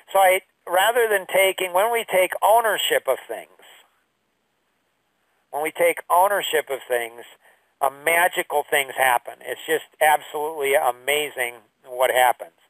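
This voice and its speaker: Man, business coach, rambling anecdotes, fairly high voice, distant mic, dry sound. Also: unhurried, a bit bright, no room sound. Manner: rambling storyteller with many fillers; pushes his voice high for quoted speech. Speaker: business coach teaching a course. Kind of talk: anecdotal online lesson.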